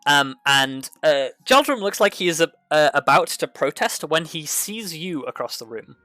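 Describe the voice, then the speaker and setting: Brief: a man game master narrating, halting with fillers; clean, dry close mic. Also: fairly high pitch, lively intonation, sharp tone, no room sound, faint music behind.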